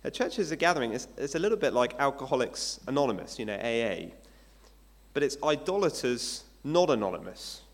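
A man's voice: mid-range voice, sing-song, brisk. A male pastor giving a sermon in a conversational way, asking his listeners rhetorical questions. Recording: long hall reverb.

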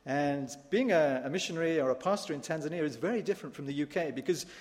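A man, a pastor from the United Kingdom, preaching a sermon in a church, animated and emphatic with wry asides. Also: a little high, fast talker, big-room sound.

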